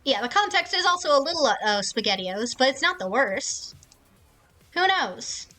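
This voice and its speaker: A woman streamer ranting casually and with plenty of swearing, acting out other people's lines in quick mock voices. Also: high voice, sing-song, bright, forceful tone, soft background music.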